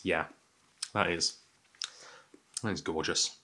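A man's voice: deep voice, fairly even intonation, takes it slowly, pushed and bright. A young man with an English accent hosting a casual whisky tasting, chatty and self-deprecating with many fillers. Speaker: whisky podcast host.

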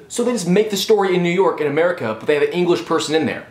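Young male vlogger, profane rapid-fire reviewer, slightly high voice, sarcastic. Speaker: movie reviewer. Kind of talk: ranting movie review vlog. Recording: roomy echo.

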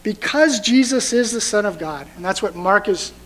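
A male pastor with a notably high voice, preaching a sermon. He talks conversationally but with emphasis, and keeps firing rhetorical questions at the congregation. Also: animated, moderate pace, fairly bright tone, low-quality recording.

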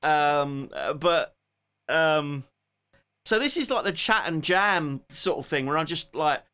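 A man in his forties with a London accent talks through a laid-back live guitar session. His voice is bright and sits a little high, and his manner is joking and self-deprecating. He chats informally with his viewers. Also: expressive, takes it slowly, clean tone. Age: 40s. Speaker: guitarist streamer. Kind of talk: casual live-stream chat.

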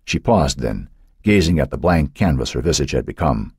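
A man narrating an audiobook in a dramatic, measured storytelling manner. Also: rumbling low, animated, a little mellow, breathy edge, no room sound, studio quality. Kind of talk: scripted narration.

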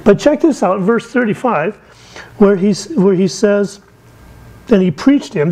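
A middle-aged man giving a lively sermon from the pulpit, telling stories with big swings in his voice. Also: a little slow, poor audio. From England. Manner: animated, storytelling with wide swings in pitch. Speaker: missionary speaker.

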